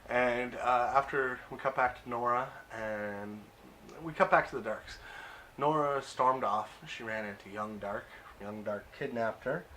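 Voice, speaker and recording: A man's voice: medium pitch, unhurried, pushed and bright, slight background noise. A man casually recapping and reviewing a TV episode, chatty and amused, with plenty of uh and um.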